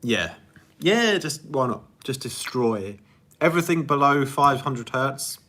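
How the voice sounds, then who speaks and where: A man's voice: medium pitch, lively intonation, a little slow, fairly bright tone. A man, a music producer, answering viewer questions in a casual, rambling livestream chat and laughing often at himself. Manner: rambling, chatty, laughs often, self-deprecating.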